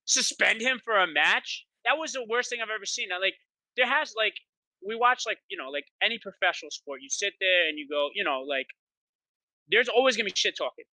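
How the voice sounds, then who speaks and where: A man, a pro paintball player, chatting as a guest in an interview, telling boastful stories quickly and excitedly, with lots of "like". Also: sits high, dry recording, rough recording. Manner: rapid, excited storytelling with many "like"s; boastful, trash-talking attitude. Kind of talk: animated interview chat.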